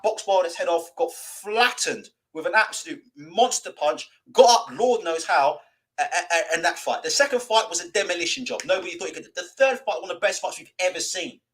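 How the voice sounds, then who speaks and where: Man, livestream host, swearing rant, high voice, wide swings in pitch. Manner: animated, swears freely, mocking put-on voices. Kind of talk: live-stream rant and comment reading.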